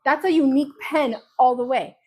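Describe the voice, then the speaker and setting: Chatty, animated woman on a livestream. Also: sits high, normal speed. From New Jersey. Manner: animated, rambling storyteller. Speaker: craft business host. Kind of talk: casual livestream chat.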